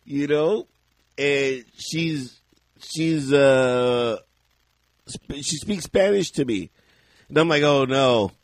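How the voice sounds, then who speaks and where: Animated high-voiced man telling a story. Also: very slow, pauses often. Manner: animated, laughs often, jumps into shouted reenactments. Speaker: podcast co-host. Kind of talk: casual chat, storytelling.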